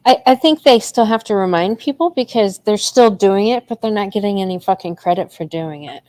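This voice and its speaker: A woman with a mid-range voice chats on a podcast, chiming in with quick agreement and short points of her own. Her voice sounds dry and close to the mic. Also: mid-range voice, lively intonation, darkish tone, dry recording. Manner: agreeing, short backchannel replies. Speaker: co-host. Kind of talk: casual podcast discussion.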